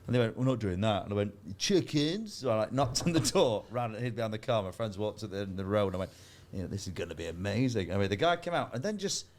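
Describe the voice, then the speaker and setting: A man's voice: lowish voice, big pitch swings, quick pace, few pauses, a little hiss or hum. A man in his forties, a comedian telling rambling stories in casual chat and laughing at himself. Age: 40s. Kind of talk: casual comic storytelling.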